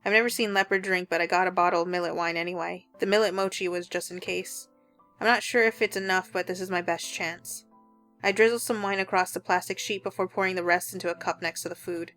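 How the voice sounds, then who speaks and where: A woman's voice: on the low side, steady tone, fast, fairly bright tone, soft background music. Earnest woman reading a visual novel. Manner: earnest, heartfelt first-person narration. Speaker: let's play narrator.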